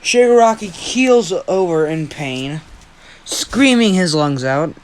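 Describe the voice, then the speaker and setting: A man's voice: sits high, lively intonation, slow pace, clear, resonant tone. A young man who hosts a fan-story channel, telling an improvised story in a rambling, self-deprecating way with a lot of swearing.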